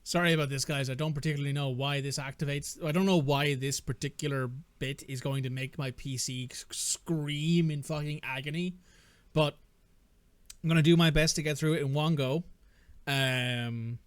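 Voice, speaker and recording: A man's voice: fairly high pitch, fairly even intonation, moderate pace, dry recording. A man giving casual, swearing commentary while playing through a video game. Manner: casual, swears, reacts loudly. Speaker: let's play gamer. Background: game music.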